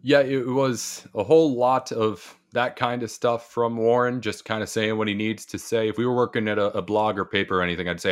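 A man co-hosting a casual sports talk show, speaking in a measured, conversational way. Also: medium pitch. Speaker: sports podcast co-host.

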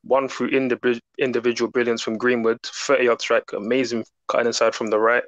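A man, a podcast guest giving fluent, relaxed football analysis. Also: mid-range voice, brisk, no room sound, muffled recording.

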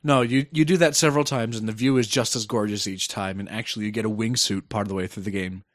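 A man's voice: lowish voice, steady tone, fast, no echo, clean studio sound. A man co-hosting a casual gaming podcast, rambling with many fillers and frequent laughs. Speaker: podcast co-host.

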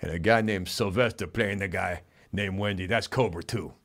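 Deadpan low-voiced man hosting. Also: normal speed. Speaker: host. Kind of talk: comedic casual chat.

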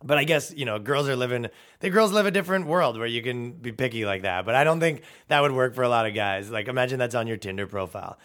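A man's voice: mid-range voice, quick pace, fairly bright tone. A man hosting a comedy podcast, riffing in a rambling, profane, sarcastic way. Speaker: podcast host.

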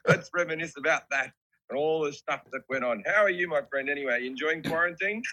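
An Australian man in his forties with a bright, forceful voice and a slightly raised pitch. He chats on a video call, laid-back and self-deprecating, dropping casual swears. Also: fast, muffled recording, a little hiss or hum. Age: 40s. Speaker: comedian guest. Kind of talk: casual podcast chat.

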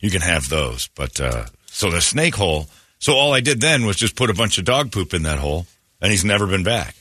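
A man's voice: deep voice, big pitch swings, brisk, pushed and bright, slightly rough, no echo, clean studio sound. A man hosting a morning radio show, telling rambling, joking stories in casual banter.

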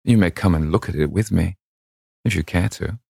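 A man reading the lines of a witty, languid young aristocratic gentleman in an audiobook of a classic novel. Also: low voice, normal speed, creaky, breathy edge, dry recording, clean studio sound, exaggerated voice.

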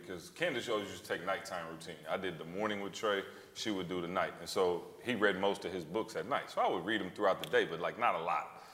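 Low-voiced man telling a story live. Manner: animated storyteller, acts out quotes. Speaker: author and podcast co-host. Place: stage before a live audience. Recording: roomy hall reverb.

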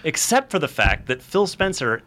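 Male podcast host, bright tone, animated storyteller, casual panel chat. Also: a little high, normal speed. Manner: animated, storytelling with acted quotes.

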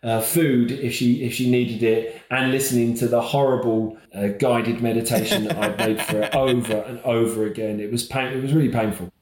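A man's voice: mid-range voice, moderate pace, hardly any pauses. Rambling man in an echoey room. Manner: rambling, self-mocking, animated storyteller. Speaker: guest. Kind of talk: casual anecdote telling. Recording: roomy echo.

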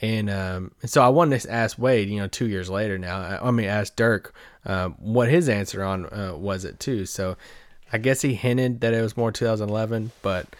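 A podcast-hosting sports reporter with a voice on the low side talks at a moderate pace. The recording is dry and studio-clean, and he tells his story casually and ramblingly, laughing often.

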